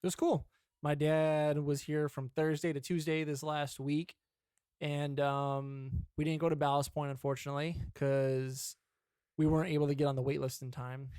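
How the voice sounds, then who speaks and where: A man's voice: fairly high pitch, flat delivery, normal speed, darkish tone, clean tone, no room sound, studio quality. A young man co-hosting a podcast, chatting casually and telling a rambling, profane story about his dad. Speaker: podcast co-host. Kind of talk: casual chat.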